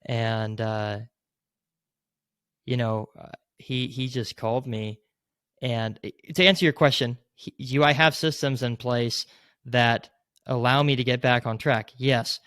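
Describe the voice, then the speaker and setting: A man's voice: mid-range voice, steady tone, measured pace, smooth, no echo, studio quality. Rambling man telling a story on a podcast. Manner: rambling, filler-heavy, leans on "like"; acts out quoted lines, gets loud in retelling. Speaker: door-to-door sales rep, podcast guest. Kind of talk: casual interview storytelling.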